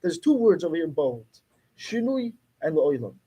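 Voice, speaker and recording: A man leading a lively study class, his voice husky and a little higher than most. He argues insistently, pressing his points again and again against interruptions. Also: normal speed. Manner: insistent, argumentative, mixes Yiddish and Hebrew terms. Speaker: Torah class teacher. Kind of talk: heated study-class debate.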